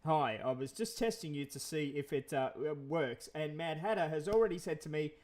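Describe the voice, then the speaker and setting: Host, male, slightly high voice, winded and fluey, casual rambly live-stream chat. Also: normal speed, a little mellow. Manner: rambling, with many fillers and restarts. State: out of breath from flu. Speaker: channel host.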